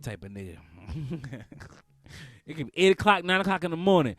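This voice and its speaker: A man speaking delivers a comedic podcast monologue. His slightly higher voice swings widely in pitch, and he repeats himself and bursts out loudly. The sound is dry and close. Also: normal speed, long pauses, no echo. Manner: animated, loud outbursts and cussing, repeats phrases. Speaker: podcast host.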